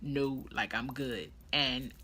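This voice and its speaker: A young adult woman telling a story in a casual vlog, animated and dramatic as she acts out what people said. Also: extremely low pitch, slow. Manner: animated, dramatic retelling with quoted voices. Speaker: vlogger.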